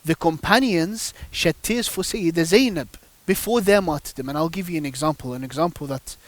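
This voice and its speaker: Speaking fairly quickly in a slightly high voice, with no room sound, this man appears as a guest on a religious panel. He tells devotional stories emphatically, using rhetorical questions, in a religious discussion built around storytelling.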